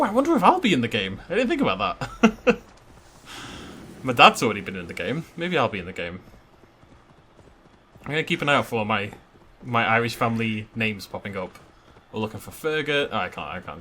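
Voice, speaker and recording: Lively man narrating his gameplay. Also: on the low side, normal speed, long pauses, slight background noise. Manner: chatty, joking, thinking aloud. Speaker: gaming YouTuber. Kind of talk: let's play commentary.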